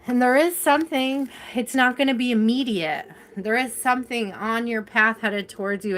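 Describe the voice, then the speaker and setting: A woman running a live tarot stream, talking straight to her viewers about gratitude and spirit. Her voice is mid-pitched and a little worn down by a long session, yet she stays encouraging and personal. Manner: warm encouraging, spiritual pep talk, reads names from chat; tired, yawning. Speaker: tarot reader.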